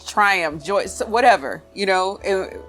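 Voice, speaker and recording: A woman's voice: mid-range voice, unhurried, fairly bright tone, soft background music. A woman co-hosting a podcast, asking a guest questions with some hesitation. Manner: hesitant, searching for words. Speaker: podcast co-host. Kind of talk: interview questions.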